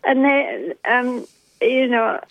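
A woman's voice: on the high side, expressive, takes it slowly, creaky. A woman calling in to a talk radio show, polite and thoughtful, hesitating with frequent ums. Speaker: radio caller. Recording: dull phone-line audio.

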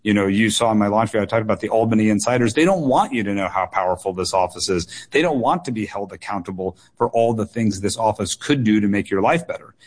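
A man running for office, answering radio call-in questions earnestly and often repeating words for emphasis. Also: mid-range voice. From United States. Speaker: political candidate, guest.

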